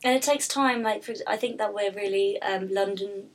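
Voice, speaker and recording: Husky woman rambling through a story. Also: mid-range voice, normal speed. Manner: rambling, with many fillers and restarts. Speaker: pastry business founder, guest. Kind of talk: casual interview chat.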